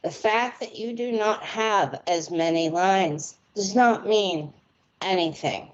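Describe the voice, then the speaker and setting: Speaking slowly at a medium pitch, this US palm and tarot reader gives a casual live-stream reading in a chatty, rambling manner, with frequent laughter. The audio, sent over a remote internet link, sounds muffled.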